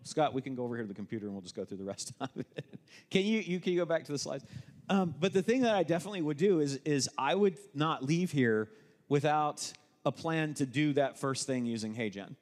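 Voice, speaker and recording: A man's voice: on the high side, lively intonation, brisk, big-room sound. A man co-hosting a live business workshop, explaining ideas to the audience in a loose, conversational way with frequent restarts. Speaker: co-host presenting at a live workshop. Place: event room with an audience.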